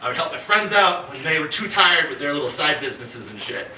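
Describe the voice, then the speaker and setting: A man's voice: fairly high pitch, animated, fairly quick, pushed and bright, slight background noise. A middle-aged man doing a crude, brash stand-up comedy set on a comedy club stage. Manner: brash, crude, acts out quoted voices. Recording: roomy club sound heard from a distance, audience laughter.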